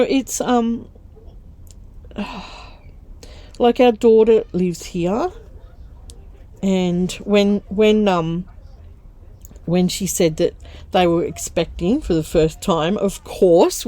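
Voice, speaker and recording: A woman's voice: medium pitch, takes it slowly, pauses often, mellow. An older woman, chatting candidly while she sews for her craft vlog, laughing often. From Australia. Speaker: craft vlogger. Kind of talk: casual chat while sewing.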